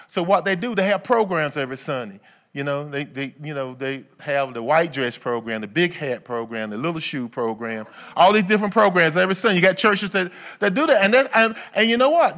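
Male preacher, slightly high voice, folksy and conversational, lots of rhetorical questions. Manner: folksy, colloquial phrasing; swings between quiet asides and loud emphatic bursts. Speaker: pastor. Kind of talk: sermon.

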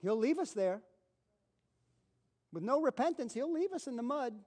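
An animated man preaching a sermon in a fairly high voice. He acts out the people in the story he is telling and repeats phrases for emphasis. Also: moderate pace.

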